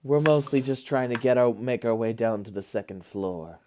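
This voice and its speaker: A man's voice: medium pitch, moderate pace, mellow, a little hiss or hum. A man speaking in character as a player in a tabletop game, dry and exasperated.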